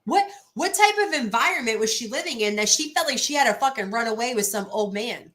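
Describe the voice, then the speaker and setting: A woman's voice: on the high side, expressive, brisk, a bit bright, poor audio. A woman in her thirties hosting a livestream, chatting casually and reading viewer comments, blunt and profane, with frequent restarts. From Boston area. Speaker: livestream host.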